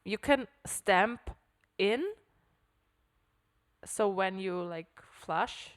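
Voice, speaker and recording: A woman's voice: medium pitch, drawn-out words. A young woman with German as her first language, co-hosting a casual podcast chat in English and often searching for words. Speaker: podcast co-host.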